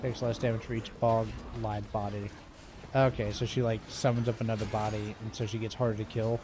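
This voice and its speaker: A man's voice: fairly low pitch, flat delivery, a little fast, noisy background. A man streaming a video game, giving chatty, jokey commentary and laughing often. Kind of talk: casual gameplay commentary.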